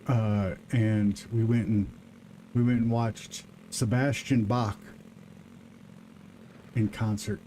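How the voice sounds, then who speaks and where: A man's voice: lowish voice, steady tone, takes it slowly, pauses often, mellow, a little hiss or hum. A man from the Midwest with a Midwestern twang, chatting casually with viewers while playing a game on a livestream, rambling between game moves. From American Midwest. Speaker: livestream gamer host. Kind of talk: casual live gameplay chat.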